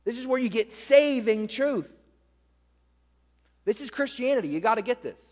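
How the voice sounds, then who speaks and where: A man's voice: extremely high pitch, expressive, normal speed, a little mellow. A man preaching a sermon as pastor, fired up and emphatic, hammering repeated phrases. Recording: long hall reverb.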